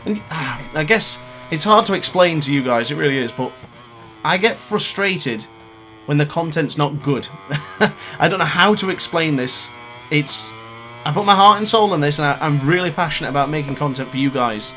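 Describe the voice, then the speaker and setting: A man's voice: fairly high pitch, animated, normal speed, pushed and bright, soft background music. A man in his late twenties commentating his own racing game live, ranting in frustration between exasperated laughs. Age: 20s. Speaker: gaming YouTuber.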